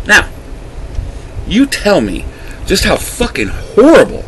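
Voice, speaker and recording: A man's voice: high-pitched, wildly swooping pitch, takes it slowly, long pauses, a bit bright, breathy edge, rough recording. A man vlogger delivering an angry, emotional rant to camera, swearing heavily as his voice rises and drops. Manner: heated, swearing, voice rising and dropping.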